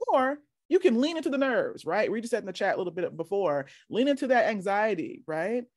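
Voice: mid-range voice, very animated, brisk, dry recording, studio quality. A workshop leader teaching casually over a video call, chatty and encouraging, often asking "right?".

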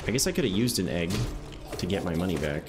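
A young man with a notably low voice streams a game and chats to his viewers. He rambles easily, dropping plenty of fillers between thoughts. Game music plays clearly behind him. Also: sing-song, fast talker. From Northeastern United States. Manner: rambling, easygoing, many "um"s and "like"s. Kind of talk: casual live-stream commentary while gaming.

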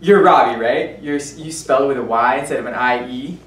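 A woman's voice: very deep voice, fairly quick. A woman acting a pushy, nosy teenage boy neighbor, an ex-child star, who talks in an awkward, overfamiliar, giggly way. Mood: eager. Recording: echoey room, mic far off, faint hiss.

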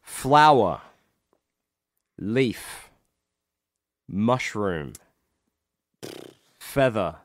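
A man reading trivia clues, drawing each item out slowly and teasing the players between them. His pitch swings freely in a dry, close sound. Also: sing-song, no room sound. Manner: teasing, reads lists slowly. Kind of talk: casual banter, quizmaster.

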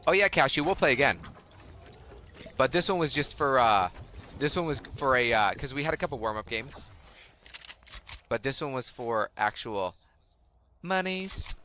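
A man giving casual, excitable commentary while playing a game and talking to his viewers. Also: mid-range voice, normal speed, pauses often, slight background noise. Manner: excitable, chatty, addresses chat viewers. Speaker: gamer streaming a match.

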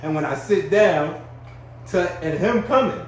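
Animated New man telling stories. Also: high voice, measured pace. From Brownsville, New York. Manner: animated, acts out voices in his stories, keeps checking in with the listener. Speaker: podcast guest. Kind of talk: casual storytelling. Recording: echoey room, distant mic, faint noise.

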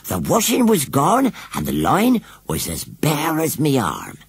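A man's voice: mid-range voice, wildly swooping pitch, normal speed, gravelly, slightly rough, no room sound, voice pushed up, full character voice. A man voicing a fretful old village washerwoman who laments in a rustic dialect, in a storybook reading. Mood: lamenting.

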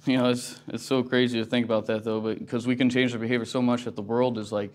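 A man with a medium-pitched voice teaches a Sunday school class at church, talking fast and flat with few pauses. He goes through scripture earnestly and conversationally in this casual Bible lesson, often saying "you know."

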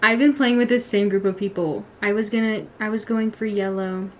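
A teenage girl chatting casually while playing an online game, giggly and quick to complain, then wrapping up her vlog. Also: mid-range voice, highs cut off. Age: teens. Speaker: YouTuber. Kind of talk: casual gaming vlog chat.

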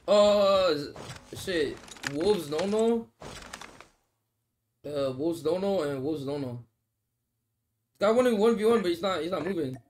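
A man's voice: high voice, animated, slow pace, long pauses, darkish tone, slight background noise. A young man streaming a mobile game, joking and swearing in casual chat while he answers comments and eats noodles. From Australia. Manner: laid-back, joking, swears, laughs often; talks while eating noodles.

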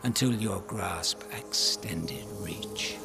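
An actor voicing an ancient, sly male fey spirit who narrates in a gravelly voice with breathy, whispered words, speaking in an archaic, ominous manner. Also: sits low, exaggerated voice. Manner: archaic, ominous, slow and drawn-out. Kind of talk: scripted game narration. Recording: game audio with music behind.

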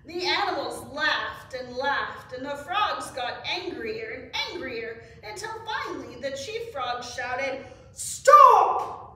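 A woman librarian reading a picture book aloud to children in an expressive, animated way, asking them questions, in a library room. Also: high voice, slow pace, hardly any pauses, a little hiss or hum. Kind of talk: children's story time reading. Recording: echoey room, far from the mic.

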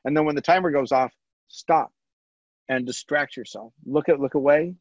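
A man presenting a stress management webinar in a relaxed, conversational way, pausing often with ums and restarting his sentences. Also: a little high, no room sound. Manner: halting, with frequent ums and restarts. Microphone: video call. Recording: dull lo-fi webinar audio, dry.

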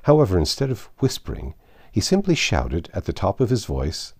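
A man narrating an audiobook reading of a classic tale in a lively, expressive storytelling manner. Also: low voice, moderate pace, gravelly, husky.

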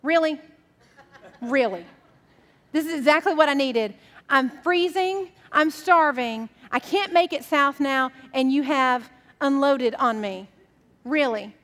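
A woman's voice: sits high, lively intonation, very slow, pauses often, a bit bright, in a large hall, exaggerated voice. A woman voicing a freezing, starving male bird who complains in exasperated disbelief.

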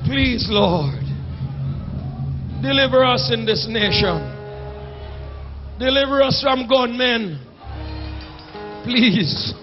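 A Jamaican bishop preaching at full volume, his voice pitched high and stretched out slowly over each plea. Music plays under him, and the recording sounds dull and lo-fi, like an old church tape. He drops into a singsong chant between his shouted calls to the congregation. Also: expressive. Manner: shouting, drawn-out exhortation, singsong pleas. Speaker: bishop and senior pastor. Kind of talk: fiery preached sermon with call and response.

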